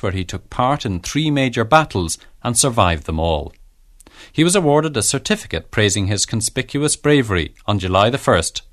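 Lively dry-voiced documentary narrator. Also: male voice, mid-range voice, dry recording.

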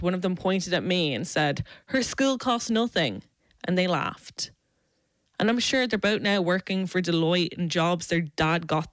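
A woman's voice: on the low side, no echo, studio quality. A woman with a South Dublin Irish accent delivering a scripted, sardonic comic rant as a radio columnist. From South Dublin, Ireland.

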